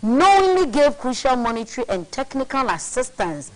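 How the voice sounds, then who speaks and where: A woman's voice: high voice, sing-song, normal speed, poor audio. A woman co-hosting, reading aloud steadily and carefully from a book.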